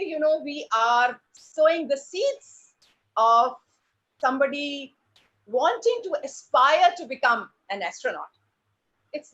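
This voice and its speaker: A woman, a drama teacher presenting to parents, speaking with deliberate pauses and stressed words. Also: high voice, a bit bright. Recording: dull lo-fi recording.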